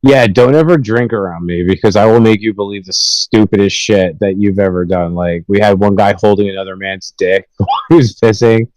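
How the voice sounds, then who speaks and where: A man's voice: lowish voice, a little fast, darkish tone, dry recording, rough recording. A man hosting a podcast, telling rambling, profane stories about his pranks in a casual chat. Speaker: podcast host.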